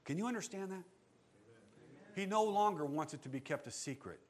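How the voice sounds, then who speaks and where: A male pastor preaching a sermon, animated, asking the congregation rhetorical questions. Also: high voice, fairly quick.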